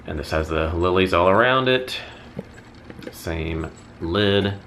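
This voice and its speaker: A man with a notably deep, low-pitched voice talks through a casual product review. He rambles in a friendly way, circles back and corrects himself as he goes, with a faint hiss of noise in the background. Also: lively intonation, takes it slowly, fairly bright tone. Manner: chatty, rambling, with self-corrections. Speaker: candle haul vlogger.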